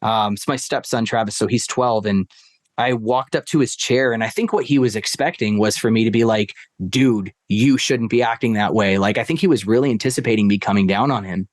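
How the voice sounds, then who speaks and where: A man's voice: lowish voice, a little fast, no room sound, studio quality. A man in casual storytelling, a stepfather talking about his family, rambling with many fillers. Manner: rambling, heavy on fillers like "like" and "right?". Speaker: podcast guest.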